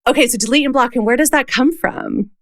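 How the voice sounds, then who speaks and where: A woman hosting a podcast interview, chatty and effusive, quick to laugh. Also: high-pitched, dry recording, studio quality. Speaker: podcast host. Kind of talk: casual interview chat.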